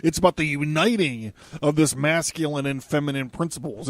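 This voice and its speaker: A man's voice: fairly high pitch, moderate pace, dry recording. A man hosting a podcast, talking in a rambling, profane way that often stops to correct itself. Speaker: podcast host. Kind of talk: casual podcast monologue.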